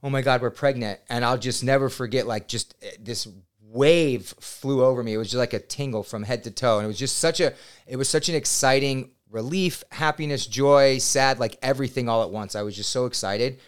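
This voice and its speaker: A man in his thirties, a podcast guest, telling a personal story in a casual, animated and excitable way, swearing now and then. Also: medium pitch, fairly quick, smooth. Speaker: podcast guest, real estate agent.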